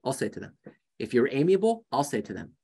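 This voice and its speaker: A man runs a sales training session for a live group. His voice sits in a middle pitch. He jokes with the room and acts out everyday conversations. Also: fast, husky. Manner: animated, jokey, acts out conversations. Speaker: real estate sales coach. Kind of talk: coaching talk to a live group.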